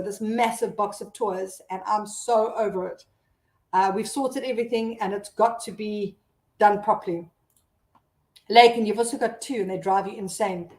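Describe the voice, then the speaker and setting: A woman's voice: mid-range voice, fairly bright tone, echoey room. A South African woman hosting a casual live stream, chatting and laughing as she reads out viewer comments.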